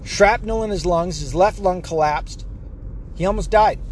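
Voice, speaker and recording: High-pitched man, profane heated rant, sarcastic, faint background hiss. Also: a little slow. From United States.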